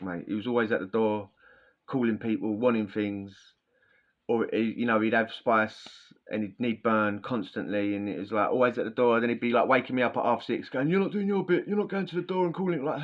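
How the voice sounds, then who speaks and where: A man telling prison stories in a chatty, slangy, rambling way. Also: fairly low pitch. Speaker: podcast host. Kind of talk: casual storytelling. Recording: dull lo-fi sound.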